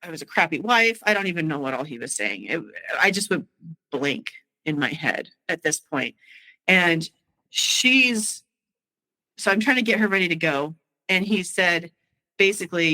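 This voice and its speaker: A woman with a bright, forceful voice recounts a painful memory in halting, emotional bursts. She restarts her sentences often as she goes back over the night. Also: lowish voice, lively intonation, poor audio. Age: adult. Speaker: guest sharing her story. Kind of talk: personal storytelling.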